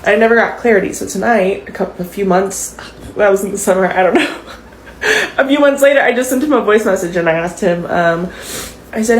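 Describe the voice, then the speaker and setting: A tearful woman talks into her phone, rambling and halting with fillers. Her voice rings in an echoey room, with a faint hiss underneath. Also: medium pitch, lively intonation. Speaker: TikTok poster. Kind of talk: confessional vlog.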